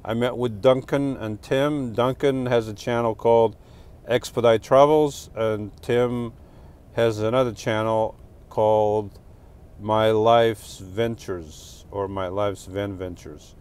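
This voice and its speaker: A middle-aged Portuguese man with a New Jersey and New York accent hosts a casual live stream, reading comments in a rambling, joking, self-correcting way. He speaks slowly and steadily in a fairly low, darkish voice that's clear and resonant.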